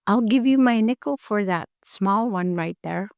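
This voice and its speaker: A woman's voice: medium pitch, normal speed, vocal fry, darkish tone, smooth, no room sound, clean studio sound, pitched above the performer's own voice, close to an everyday voice. Sly little brother, as an older woman puts him on. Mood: coaxing. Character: scheming young boy, her big brother.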